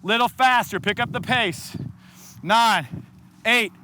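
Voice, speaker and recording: A man coaching a group through a follow-along kettlebell workout, giving energetic cues and counting down the seconds. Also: extremely high pitch, slow, slight background noise. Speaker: fitness coach.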